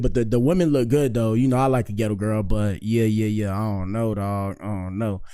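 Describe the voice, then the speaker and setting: A man's voice: fairly low pitch, steady tone, a little fast, warm tone, some chatter behind, slight background noise. Laid-back slangy male streamer. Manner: laid-back, slangy, keeps saying "bro" and "dog". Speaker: streamer hosting a commentary show. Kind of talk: casual live-stream commentary.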